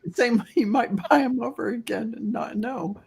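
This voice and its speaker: A woman co-hosting a casual tarot chat over a video call, excitable and full of exclamations. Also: fairly high pitch, normal speed, vocal fry, a crowd in the background. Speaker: co-host.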